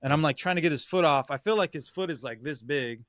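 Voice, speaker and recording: This young podcast host talks fast in a voice on the high side and a bit bright, casually relating a competition story. He swears heavily, uses slang, and constantly calls his listener "bro". The sound is clean studio audio without room sound.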